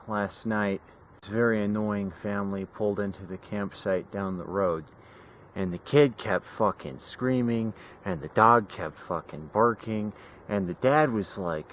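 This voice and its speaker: Out in the woods, a young man films a casual vlog, talking to the camera mic in a lowish voice over slight background noise. His delivery is rambling and sarcastic, with plenty of swearing.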